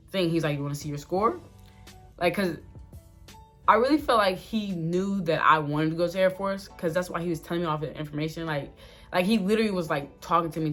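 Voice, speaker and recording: A young woman vlogger telling a casual storytime, animated and full of fillers, quoting herself and others as she goes. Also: deep voice. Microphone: phone or camera mic.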